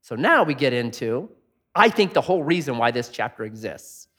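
Lively, joking male preacher. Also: medium pitch, normal speed, slightly rough. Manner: animated, joking, conversational. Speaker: pastor. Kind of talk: sermon.

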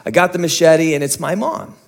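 Chatty young preacher with a higher voice. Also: male voice, gravelly. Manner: conversational, self-mocking storyteller, quick asides. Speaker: pastor. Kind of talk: sermon.

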